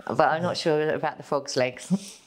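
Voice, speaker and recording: A woman on a podcast, bringing up new topics in a measured, casual way. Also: low voice. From England. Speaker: podcast co-host. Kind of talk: casual chat.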